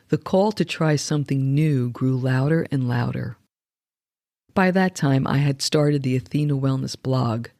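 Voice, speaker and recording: A man in his fifties, a wellness coach reading a reflective essay aloud in a calm, measured way. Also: fairly high pitch, gravelly, dry recording, studio quality.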